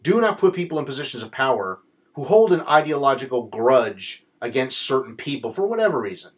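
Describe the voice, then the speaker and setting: Brief: American male commentator, blunt and impassioned, mid-pitched, repeats points for emphasis. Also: sing-song, fairly quick. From United States. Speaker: political commentator. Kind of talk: opinion commentary.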